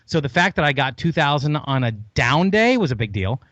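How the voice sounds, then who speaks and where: A man's voice: on the high side, very animated, a little fast, fairly bright tone, no room sound, muffled recording. A man guesting on a podcast interview, enthusiastic and long-winded, rambling through his story. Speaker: podcast guest, host of another show.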